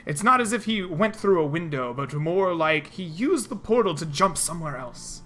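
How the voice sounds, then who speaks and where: A woman's voice: lowish voice, animated, moderate pace, fairly bright tone, faint music behind. A woman narrating a tabletop role-playing game as game master, in a loose, filler-heavy way.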